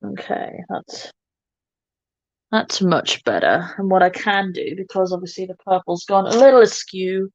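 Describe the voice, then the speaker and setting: A woman talking her way through a makeup look on a livestream, chatty and joking at her own expense. The sound is dull and flat, recorded with no room echo at all. Her voice sits at an ordinary middle pitch. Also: a little slow. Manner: chatty, self-mocking, talks to viewers while working. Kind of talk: casual makeup tutorial chat.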